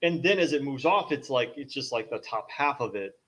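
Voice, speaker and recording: A man's voice: mid-range voice, expressive, fairly quick, a bit bright. A man chatting casually on a live show, joking and laughing between remarks. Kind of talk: casual chat.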